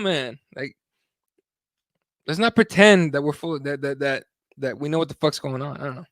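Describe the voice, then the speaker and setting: A man's voice: a little high, brisk, a bit bright, dry recording, studio quality. A man hosting a live talk show, rambling and swearing a lot in a heated, casual chat. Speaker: host.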